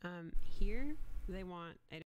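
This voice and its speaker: A woman's voice: on the low side, expressive, takes it slowly, a little hiss or hum. A woman producing radio commercials on a live stream, chatting loosely with her viewers, swearing now and then and trailing off mid-sentence. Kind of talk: casual stream chat between commercial reads.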